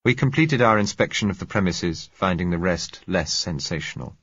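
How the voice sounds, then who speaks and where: A man narrating a novel in a measured, composed way, his voice low and husky. The recording is dry and close, with a slightly dull, muffled top end. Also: expressive, fairly bright tone, dry recording. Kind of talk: scripted audiobook narration.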